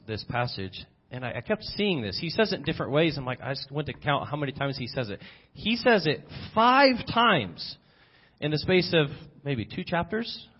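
A man's voice: mid-range voice, slightly rough. A man preaching an earnest, personal sermon as a visiting missionary, often restarting his sentences. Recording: dull lo-fi sermon recording.

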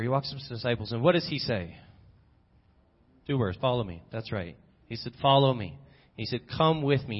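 A man preaching an earnest, personal sermon as a visiting missionary, often restarting his sentences. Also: mid-range voice. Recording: dull lo-fi sermon recording.

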